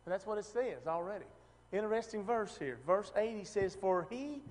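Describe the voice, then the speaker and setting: A man's voice: sits high, a little fast, darkish tone, in a large hall. A man teaching a Bible passage in a casual, conversational way, often asking the room questions and restarting his sentences. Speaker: preacher.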